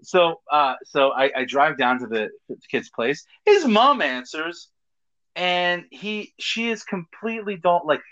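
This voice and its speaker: A man with a slightly high, sing-song voice that's a bit bright speaks unhurriedly as a podcast co-host. He tells stories in a casual chat, animated and laughing, swearing and acting out quotes, and the recording has a dull lo-fi quality.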